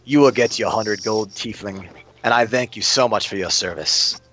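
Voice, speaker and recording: A man voicing a solemn, formal king of a small realm, speaking slowly and gravely over faint music. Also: on the low side, fairly bright tone. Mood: grateful. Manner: formal, grave, measured speech.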